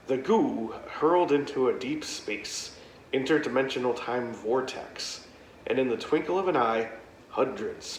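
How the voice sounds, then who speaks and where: A man casually reading trading card text aloud at home with amused, mock-dramatic delivery. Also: medium pitch. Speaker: vlogger. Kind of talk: reading trading cards aloud, laid-back. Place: home room. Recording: roomy, faint background noise.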